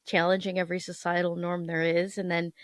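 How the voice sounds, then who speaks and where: A woman's voice: on the low side, flat delivery, brisk, dry recording, studio quality. A woman in her thirties from Michigan, a guest on a podcast, talking in a rambling, self-deprecating way and laughing often. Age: 30s. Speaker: guest, content creator. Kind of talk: casual interview chat.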